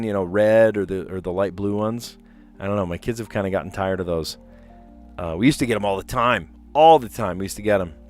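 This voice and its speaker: A man hosting a casual livestream, reading puzzle clues aloud and drifting into chatty, amused asides. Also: lowish voice. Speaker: livestream host solving word puzzles.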